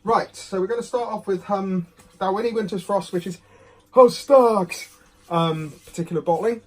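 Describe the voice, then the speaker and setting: A man's voice: high voice, fairly even intonation, fairly quick, background noise. Rambling, chatty man reviewing whisky. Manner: chatty, self-deprecating, full of ums. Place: home room. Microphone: phone camera.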